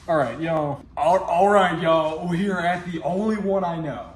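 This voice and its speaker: A man's voice: on the high side, measured pace, reverberant, a little hiss or hum. A man hosting his own video show, riffing and joking directly to his viewers in casual comedic commentary. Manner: jokey, riffing, talks straight to viewers.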